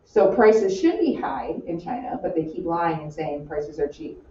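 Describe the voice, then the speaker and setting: A woman teaching an economics class in an animated, joking way, acting out her examples. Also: deep voice, moderate pace, a little hiss or hum. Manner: animated, jokey, acts out examples. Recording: roomy, distant, dull classroom audio.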